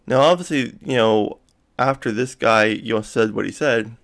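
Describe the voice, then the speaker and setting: Gravelly man ranting casually. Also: medium pitch, moderate pace, fairly bright tone. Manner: rambling, full of fillers and asides; profane, exasperated. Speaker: vlogger. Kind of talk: casual rant.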